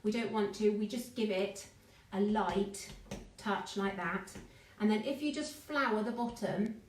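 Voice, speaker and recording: A woman's voice: medium pitch, measured pace, a little mellow, distant mic, a little hiss or hum. Chatty woman teaching a bake-along. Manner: chatty, encouraging, greets viewers by name. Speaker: children's baking teacher. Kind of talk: live online bake-along class. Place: home kitchen. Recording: echoey kitchen, away from the mic.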